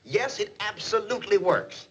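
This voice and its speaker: An actor playing an excitable, blustering company boss in a 1940s film comedy, swinging from stern to giddy. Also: male voice, sits high, normal speed. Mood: dramatic. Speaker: businessman, the boss. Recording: muffled 1940s film soundtrack with hiss.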